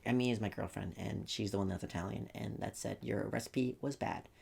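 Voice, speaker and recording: A man's voice: on the low side, brisk, vocal fry, darkish tone, slightly rough. A young man in his late teens co-hosting a casual podcast, teasing his friend and laughing often as he tells stories. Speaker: podcast co-host. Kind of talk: casual chat.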